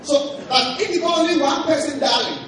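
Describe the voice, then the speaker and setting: A high-voiced man preaching with emphatic rises and falls, quizzing his congregation as he goes. He is heard from a distance in a large, very echoey hall, with clear noise underneath. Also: fairly even intonation, fairly quick, a crowd in the background. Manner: emphatic preaching with call-and-response questions. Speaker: pastor. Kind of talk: sermon. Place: large hall at a camp meeting. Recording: echoey hall, voice from far off, noisy.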